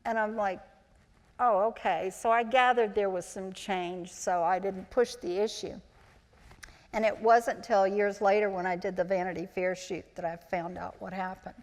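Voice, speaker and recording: A woman in her sixties spins lively stories at a live onstage interview, slipping into the voices of people she quotes. Her pitch sits in the middle, and the large hall around her rings with a long reverb. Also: moderate pace. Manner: chatty, animated, acts out quoted voices. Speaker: interview guest, former child actor. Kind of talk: anecdotal storytelling on stage. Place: large auditorium, live event.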